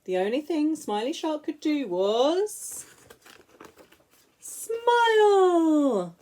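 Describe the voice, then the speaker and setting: A woman teacher reading picture books aloud to young children in an expressive, sing-song way. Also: high-pitched, drawn-out words. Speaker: school teacher.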